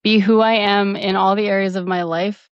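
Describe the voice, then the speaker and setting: A woman's voice: mid-range voice, little pitch movement, normal speed, clean tone, no room sound. A woman co-hosting a podcast, speaking in a reflective, earnest way. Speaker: podcast co-host. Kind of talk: casual chat. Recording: dull lo-fi audio.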